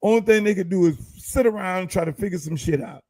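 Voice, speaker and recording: A man's voice: high-pitched, quick pace, darkish tone, dry recording. A man hosting his own podcast, ranting in a casual, profane, heated way and firing off rhetorical questions. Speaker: podcast host.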